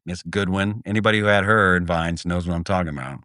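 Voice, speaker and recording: A middle-aged man co-hosting a podcast, telling stories with lively energy and swearing freely. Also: deep voice, fast, dry recording, clean studio sound. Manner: lively storyteller, acts out voices, swears freely. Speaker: podcast co-host. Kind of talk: casual chat, animated storytelling.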